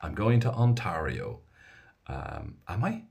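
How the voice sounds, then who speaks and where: An Irish man talks casually on a live stream, rambling as he reads out viewer comments. His voice sits low, with a husky edge. He speaks as an audiobook narrator answering his fans. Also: big pitch swings, slow, darkish tone.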